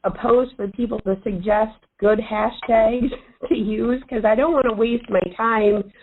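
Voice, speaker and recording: A woman's voice: fairly high pitch, steady tone, unhurried. A woman asking a question on a team call, hesitant and thinking aloud. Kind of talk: casual call chat. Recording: phone-line call audio.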